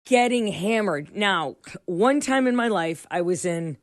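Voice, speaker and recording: A woman's voice: mid-range voice, lively intonation, a little slow, slight background noise. Rambling woman radio co-host. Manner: rambling, searches for words, restarts. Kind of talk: casual on-air chat. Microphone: studio microphone.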